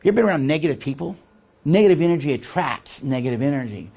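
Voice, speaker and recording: Lively man lecturing a class. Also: fairly high pitch, quick pace, vocal fry. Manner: quizzes listeners with fill-in questions. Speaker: leadership teacher.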